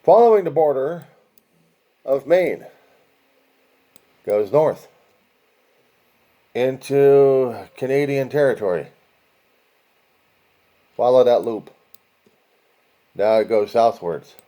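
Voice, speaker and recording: A man leads his viewers across a map in an unhurried, loose way, calling them guys and tossing in profane asides. His voice is dark and mellow, and he rolls through long lists of places in a sing-song chant. The pace stays slow and drawn out. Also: medium pitch, animated. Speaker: video host. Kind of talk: casual commentary walking viewers through a map.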